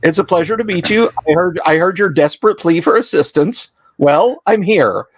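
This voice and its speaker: A man voicing a tiny female brownie fairy familiar, in a high-pitched, wry and protective voice. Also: expressive, moderate pace, breathy edge, dry recording, exaggerated voice.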